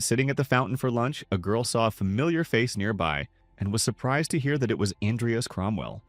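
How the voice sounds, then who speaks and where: A man's voice: on the low side, dry recording. A man narrating a scripted story recap.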